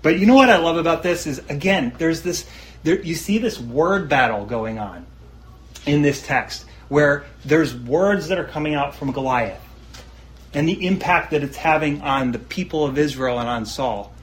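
A man's voice: a little high, moderate pace, poor audio. A man preaching a sermon, reading scripture aloud and then explaining it in an earnest, conversational way, often asking his listeners questions.

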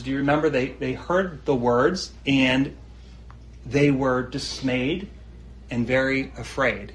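A man in the middle of a sermon, his voice sitting at an ordinary mid pitch. He reads scripture aloud and then explains it in an earnest, conversational way. He keeps checking in with his listeners, asking whether they see what he means. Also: low-quality recording. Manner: earnest, conversational, often asks the listeners questions. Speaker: preacher.

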